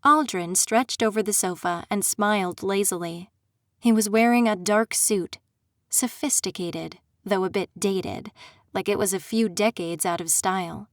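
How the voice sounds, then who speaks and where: A woman reading a first-person dark fantasy audiobook in a steady, dramatic storytelling manner. Her voice sits in a middle pitch. The recording is dry and close. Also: unhurried, dry recording. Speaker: audiobook narrator.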